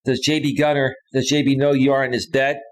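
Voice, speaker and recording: A man in his thirties rants on a live stream, combative and heated, hammering the same phrases again and again. His voice sits in an ordinary middle pitch. He talks close to a clean studio microphone. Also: flat delivery, brisk. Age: 30s. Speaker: live stream host, life coach. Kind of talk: ranting live stream monologue. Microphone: close studio microphone with a limiter.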